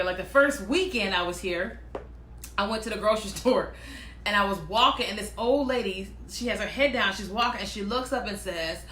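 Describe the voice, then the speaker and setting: A woman shares her own stories in a loose, casual way and slips into the voices of the people in them. Her voice is bright and a little high. The room has a noticeable echo. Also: slight background noise. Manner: animated, acts out quoted voices, laughs often. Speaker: speaker sharing personal stories. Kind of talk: casual storytelling monologue.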